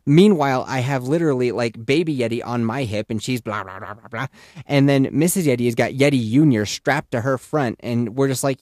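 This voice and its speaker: A young man telling a comedic story on a podcast, animated, swearing and laughing at his own story. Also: medium pitch, moderate pace, no echo, clean studio sound. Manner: exaggerated voices for quoted people. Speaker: podcast host.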